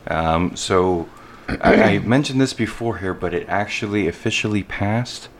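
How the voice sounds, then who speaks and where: Male New podcast co-host, very low voice, hesitant delivery. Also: measured pace. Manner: hesitant, fills with "um" and "uh". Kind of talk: casual chat.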